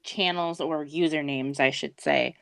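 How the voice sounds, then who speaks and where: A woman co-hosting a podcast in measured, giggly casual chat. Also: sits low, fairly even intonation, creaky, fairly bright tone, clear, resonant tone, no room sound. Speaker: podcast co-host.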